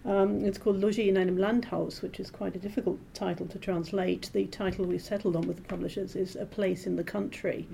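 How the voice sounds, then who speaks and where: A woman translator being interviewed, explaining her work in a measured, thoughtful way with frequent pauses and ums. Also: medium pitch, level tone, creaky, warm tone, a little hiss or hum. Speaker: literary translator, interview guest. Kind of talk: thoughtful academic conversation.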